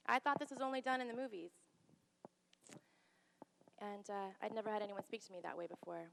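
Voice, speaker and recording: A woman's voice: on the high side, a little fast, creaky. A woman Navy veteran telling a candid personal story on stage, acting out the people she quotes. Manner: candid, quotes others in lively voices. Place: theater stage. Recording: hall reverb.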